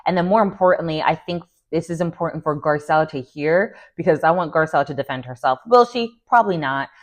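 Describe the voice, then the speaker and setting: A young woman giving an opinionated, chatty recap of a reality show, often quoting the cast in lively voices. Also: sits low, fast talker. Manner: chatty, opinionated, quotes people in animated voices. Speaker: recap vlogger. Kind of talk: casual recap commentary.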